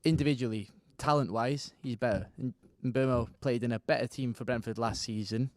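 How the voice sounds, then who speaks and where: A man argues his football points firmly at a middle pitch. The recording is dry and close. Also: steady tone, fairly quick, no room sound. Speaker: football panel guest. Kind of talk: casual debate.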